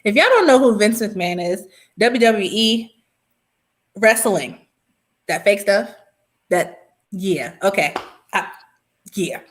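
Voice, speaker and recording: A woman's voice: mid-range voice, lively intonation, takes it slowly, long pauses. Chatty woman co-host. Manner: conversational, explains at length with fillers. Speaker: podcast co-host. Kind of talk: casual political chat.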